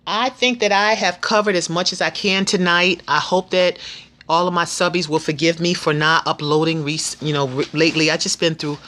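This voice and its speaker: Frank, bright-voiced woman in her fifties. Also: lowish voice. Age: 50s. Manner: frank, earnest and faith-filled; chatty with frequent restarts. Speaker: vlogger. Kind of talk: casual advice vlog.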